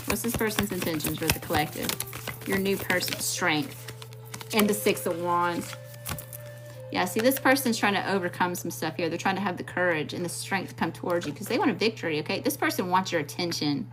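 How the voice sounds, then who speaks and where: A woman from Mississippi with a Southern accent giving a casual tarot reading to her viewers, talking in a sassy, blunt and profane way. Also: lowish voice. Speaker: tarot reader.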